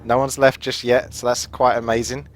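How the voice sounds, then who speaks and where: A man's voice: mid-range voice, little pitch movement, moderate pace. Chatty man commentating a strategy game. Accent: Australian. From Australia. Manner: chatty, jokey, thinking aloud while playing. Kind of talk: casual gameplay commentary.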